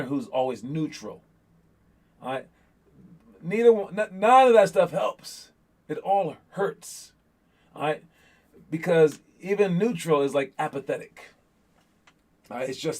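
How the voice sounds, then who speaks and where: Running a basketball lesson, a young coach speaks in a fairly high-pitched voice. He stays animated, frequently mimicking the calls players yell on the court.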